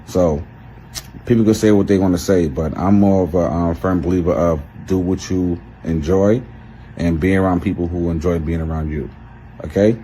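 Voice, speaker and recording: A man with a very low, dark-toned voice holds forth in a casual monologue to camera. He sounds defiant and unapologetic, and faint noise sits behind him. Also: steady tone, moderate pace, low-quality recording. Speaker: man in a played video clip.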